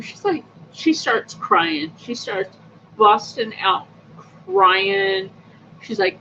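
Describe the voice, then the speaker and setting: A woman's voice: mid-range voice, big pitch swings, slow. A woman hosting a casual livestream, telling personal stories in a chatty, upbeat, rambling way with many fillers. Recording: dull lo-fi audio with faint noise.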